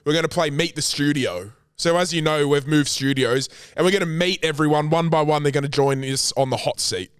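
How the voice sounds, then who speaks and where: A young Australian man hosts his podcast alone, ranting in a brash, foul-mouthed, teasing manner. His voice sits slightly high for a man. The close studio mic sounds dry, with no room around it. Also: a little fast, hardly any pauses, clean tone, no echo. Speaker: podcast host. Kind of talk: casual solo podcast rant.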